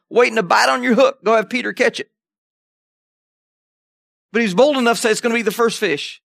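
A man's voice: sits high, a bit bright, no echo, clean studio sound. A man preaching a sermon in a conversational way, checking in with the congregation as he goes. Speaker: pastor.

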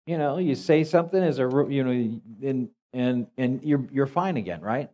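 A man's voice: medium pitch, moderate pace, mellow. A man preaching as pastor, folksy and storytelling, with frequent restarts. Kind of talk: sermon.

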